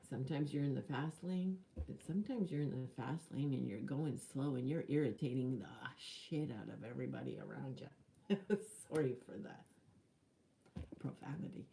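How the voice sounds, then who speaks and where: Woman, low voice, mellow tone, motivational talk, chatty, earnest, whispered emphasis. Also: creaky. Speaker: spiritual life coach.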